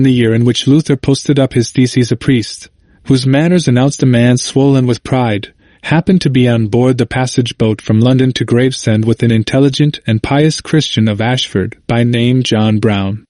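Measured male narrator, dry sound. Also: mid-range voice, dry recording. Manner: steady, measured reading, quotes read with only slight lift. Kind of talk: scripted narration of a history book.

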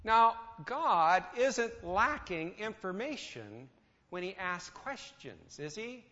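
A man's voice: sits high, big pitch swings, takes it slowly, pushed and bright. A man preaching a sermon, asking his listeners questions and acting out what others say. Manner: asks the listeners questions, acts out quoted speech. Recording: dull sound in a hall with long reverb.

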